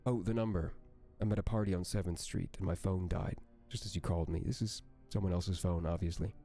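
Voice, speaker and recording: A man's voice: low voice, fairly even intonation, brisk, dark tone, faint music behind. A man voicing a cheerful young woman who chats with her friend on the phone, in a light, breezy manner. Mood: breezy, friendly. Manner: light, breezy, slips into an accent.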